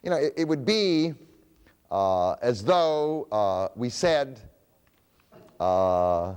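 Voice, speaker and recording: A man's voice: medium pitch, big pitch swings, extremely slow, pauses often, a little mellow, clear, resonant tone, long reverb tail. A man giving a public lecture, who poses rhetorical questions and answers them himself.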